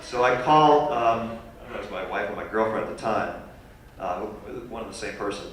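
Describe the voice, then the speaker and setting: A man telling a funny personal story as a guest speaker at a university lecture, animated and self-deprecating. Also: fairly low pitch, a little fast, a crowd in the background. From New York. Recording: echoey hall recorded from far off.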